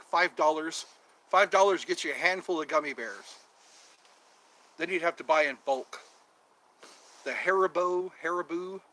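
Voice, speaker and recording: A man with a fairly high, bright, forceful voice hosts a casual outdoor stream, rambling in a jokey way and stretching out some words. The audio quality is poor.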